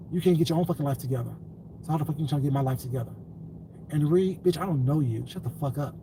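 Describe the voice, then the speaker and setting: A man streamer lecturing his chat. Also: fairly high pitch. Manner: lecturing, then cursing angrily. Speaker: live streamer. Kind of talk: live-stream rant to chat. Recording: distant mic, faint ambient noise.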